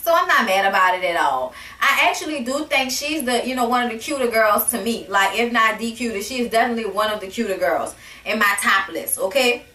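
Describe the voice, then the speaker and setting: A woman's voice: fairly high pitch, brisk, distant mic. Sassy, blunt woman ranting in an echoey room. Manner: sassy, blunt, profane, animated. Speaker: reality TV reviewer. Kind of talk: casual rant to camera. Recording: echoey room, voice a bit off-mic.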